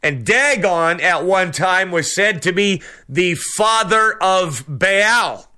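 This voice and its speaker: A man's voice: high voice, lively intonation, takes it slowly, bright, forceful tone, smooth. A man preaching a sermon with fervor, peppering his talk with amens and praise the Lords. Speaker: radio preacher.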